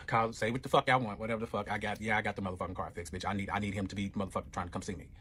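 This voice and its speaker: A man's voice: lowish voice, level tone, very fast, bright, forceful tone, breathy edge. A man telling his own relationship story in a casual storytime, profane and rambling, with lots of filler and quoted back-and-forth.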